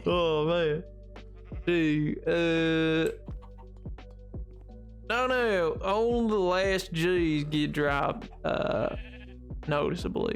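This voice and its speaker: A young man chatting casually on a game stream, excitable and quick to laugh, reading chat aloud. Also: soft background music. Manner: excitable, bursts into high yelps and laughs, reads chat aloud.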